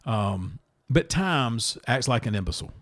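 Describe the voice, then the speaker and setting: A man talks casually as a podcast host, with a voice of ordinary middle pitch for a man. He rambles, stumbles and repeats himself, then lands blunt, animated opinions. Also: unhurried. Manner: rambling, self-interrupting, repeats words.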